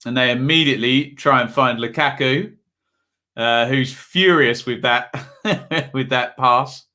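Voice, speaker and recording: Bright-voiced chatty male watch-along host. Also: mid-range voice, unhurried. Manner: chatty, rambling, self-deprecating. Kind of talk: casual live match commentary.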